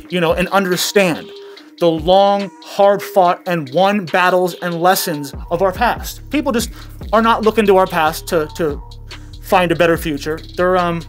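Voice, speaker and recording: A man hosting his own comedy commentary show, rambling and restarting his sentences often. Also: high voice.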